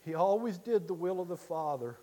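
A male preacher delivering an impassioned sermon with a slightly raised voice. He drops to a hush and then rises into loud, emotional cries as he retells the story. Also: high-pitched, lively intonation, a little fast. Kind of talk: sermon with dramatic first-person storytelling.

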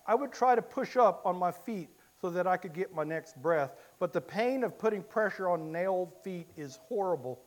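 A male preacher delivering an impassioned sermon with a slightly raised voice. He drops to a hush and then rises into loud, emotional cries as he retells the story. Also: high-pitched, animated, normal speed, few pauses. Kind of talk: sermon with dramatic first-person storytelling.

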